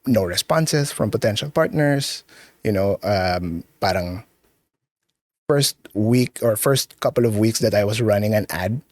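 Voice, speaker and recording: A man from the Philippines with a Filipino accent, a podcast guest talking earnestly and haltingly, often repeating words as he goes. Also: on the low side, dry recording. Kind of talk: casual interview chat.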